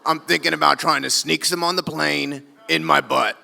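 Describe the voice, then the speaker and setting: A man voicing his older brother in his forties, a scheming smooth talker with a low, sly, laid-back delivery. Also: fairly even intonation, moderate pace, pushed and bright, exaggerated voice.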